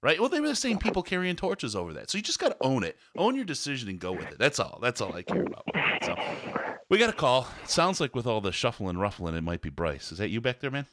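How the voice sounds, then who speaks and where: A man's voice: mid-range voice, wildly swooping pitch, fast, a bit bright. A man hosting a sports podcast, ranting angrily and swearing as he breaks down a loss. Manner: angry, profane ranting. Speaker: podcast host. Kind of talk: heated postgame sports talk.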